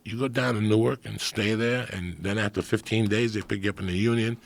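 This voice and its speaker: A man's voice: fairly low pitch, steady tone, a little fast. A middle-aged man, a comedian guest, telling stories in a blunt, profane, streetwise way. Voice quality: gravelly, raspy. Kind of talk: casual storytelling.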